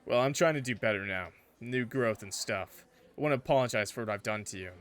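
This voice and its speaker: A man's voice: fairly quick, close to an everyday voice. Justin, a man doing a purring smug flirt. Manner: low, purring, teasing delivery. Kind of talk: reading visual novel dialogue aloud.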